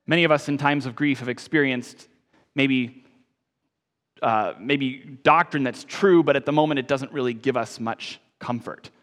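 A man preaching a sermon as pastor, emphatic, rising on key phrases and then dropping soft. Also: medium pitch, normal speed, long reverb tail.

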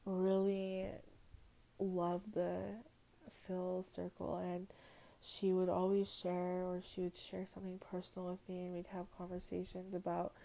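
Young woman, teacher, heartfelt podcast talk, close to tears, slow and gravelly. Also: lowish voice, dark tone, low-quality recording. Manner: heartfelt, emotional, slow and reflective. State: tearful, near crying. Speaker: before and after care teacher.

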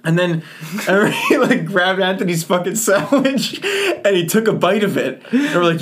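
A man's voice: sits high, very animated, normal speed, noisy background. A young man co-hosting a podcast, telling school stories in a rambling way, full of fillers, swearing and laughter. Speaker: podcast co-host. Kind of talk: casual chat.

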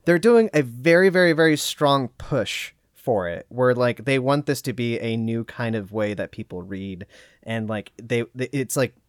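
A man's voice: medium pitch, normal speed, no room sound, studio quality. A man co-hosting a casual book podcast, rambling with many fillers and restarts. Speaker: podcast co-host. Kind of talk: casual chat.

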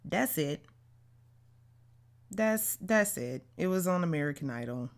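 A woman hosts her own podcast, talking casually and bluntly on her own in slangy, outspoken speech. Her voice sits a little low and has a gravelly fry to it. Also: animated, a little slow. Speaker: podcast host. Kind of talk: casual solo podcast monologue.

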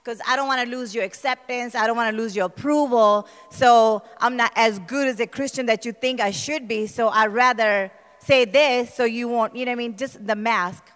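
A woman's voice: fairly high pitch, moderate pace, few pauses. Woman minister, passionate church testimony. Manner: emotional, builds to passionate shouting. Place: church service. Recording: reverberant church hall.

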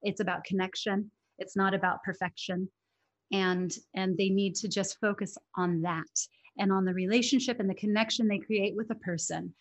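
A woman's voice: medium pitch, fairly even intonation, normal speed. A woman who coaches English learners, speaking earnestly and emphatically in an interview, often laughing. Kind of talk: conversational interview.

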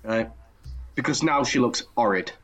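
Male podcast co-host, mid-pitched voice, hesitant and rambling. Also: moderate pace, noisy background. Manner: hesitant, stumbles and repeats himself. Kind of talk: casual podcast chat.

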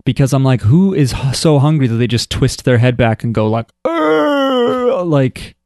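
A man co-hosting a casual podcast chat, animated and jokey, often acting out silly voices when quoting. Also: mid-range voice, brisk, no echo, clean studio sound. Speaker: podcast co-host.

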